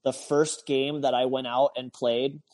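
A man speaking earnestly in a reflective conversation. He often halts and repeats words as he searches for them. His voice has a plain middle pitch. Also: level tone, a little slow, darkish tone.

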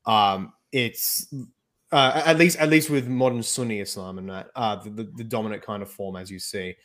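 A man's voice: fairly low pitch, normal speed, a bit bright. A man giving his views emphatically in a casual group discussion. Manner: opinionated, emphatic.

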